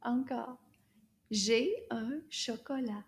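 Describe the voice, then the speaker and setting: A woman leads a children's language lesson, taking her time and drawing out each phrase so little ones can follow. Her voice is soft and mellow and sits a little high, and she often drops to a near-whisper. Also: animated. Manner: gentle, encouraging, exaggerated slow repetition of phrases. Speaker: French teacher for children. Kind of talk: slow, clear children's language lesson with puppet.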